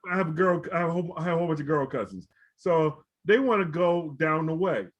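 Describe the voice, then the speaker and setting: A man's voice: on the high side, fast. A man telling a story in casual chat, laid-back and often asking "right?". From Baltimore. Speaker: co-host. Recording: slightly dull audio.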